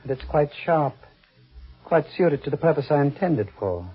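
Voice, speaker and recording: An actor playing a calm, icily threatening middle-aged stepfather in a 1940s radio drama. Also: on the high side, normal speed, breathy edge. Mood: menacing. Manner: calm, icy, quietly threatening. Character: cold, menacing middle-aged stepfather with a knife. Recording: dull old radio recording.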